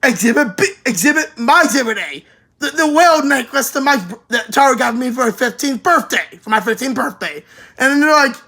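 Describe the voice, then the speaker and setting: Young female anime reviewer, high-pitched, excitable, profane, stammers in quick restarts. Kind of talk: casual rant review.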